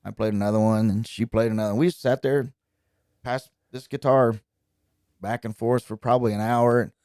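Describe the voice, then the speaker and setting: A young man from Indiana, a country singer, telling stories as a guest in relaxed, chatty conversation. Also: mid-range voice, moderate pace, dry recording, studio quality. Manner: relaxed, chatty, lively when quoting people. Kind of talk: casual storytelling.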